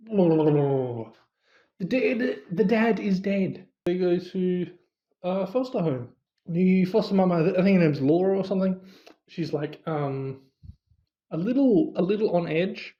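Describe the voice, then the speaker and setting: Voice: medium pitch, a little slow, roomy sound, lo-fi sound. A movie reviewer casually retelling a horror film's plot, with many fillers and quoted asides.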